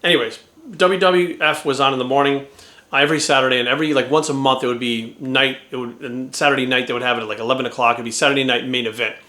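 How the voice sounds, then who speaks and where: A man's voice: mid-range voice, fast. A middle-aged man telling a long rambling story in casual chat, acting out quoted lines and swearing freely. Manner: rambling, animated, acts out quoted voices, swears. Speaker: vlogger. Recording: roomy echo.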